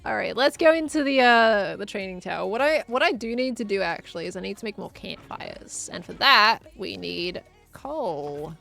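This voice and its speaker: A woman's voice: mid-range voice, expressive, normal speed, creaky, hardly any pauses, fairly bright tone. An Australian woman chatting casually while streaming a game and answering chat, with faint music behind her.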